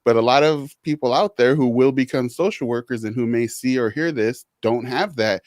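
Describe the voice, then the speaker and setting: A man's voice: mid-range voice, darkish tone, no room sound. Reflective man hosting a podcast, dry sound. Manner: reflective, supportive, quick laughs. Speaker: podcast host. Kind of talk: podcast interview.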